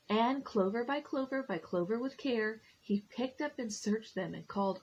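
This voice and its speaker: A woman's voice: fairly high pitch, normal speed, hardly any pauses, slightly rough. A woman reading a picture book aloud to preschool children and asking them questions along the way. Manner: animated, asks the children questions. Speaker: preschool story time reader.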